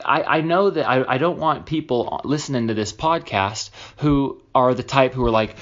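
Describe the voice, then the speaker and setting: A man's voice: mid-range voice, a little slow, dull audio. A man hosting a casual solo podcast, talking candidly and emphatically in a rambling, confessional way. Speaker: podcast host.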